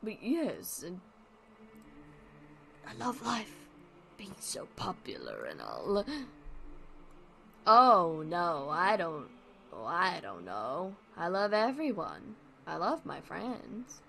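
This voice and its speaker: A woman doing a deadpan quiet puppet neighbor. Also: on the low side, takes it slowly, vocal fry, pauses often, slight background noise, full character voice.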